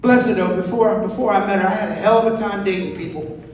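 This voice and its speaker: A man's voice: sits high, fast talker, a little hiss or hum. A man in his fifties performing a crude stand-up set, telling stories and acting out the dialogue himself. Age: 50s. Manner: crude storytelling, acts out dialogue. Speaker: stand-up comedian. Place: club stage with live audience. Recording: echoey hall from far off. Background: audience laughter.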